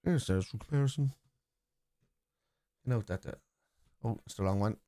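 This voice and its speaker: A man's voice: fairly low pitch, a little slow, warm tone, dry recording, clean studio sound. A man hosting a live football watchalong from his computer at home, arguing with chat, swearing bluntly, and reading stats aloud. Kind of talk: live-stream chat, answering viewers.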